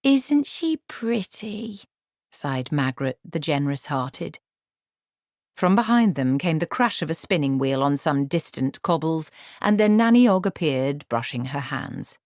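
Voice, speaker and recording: Low-voiced woman reading an audiobook. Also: animated, normal speed, no room sound, studio quality. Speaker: audiobook narrator. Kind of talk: scripted narration.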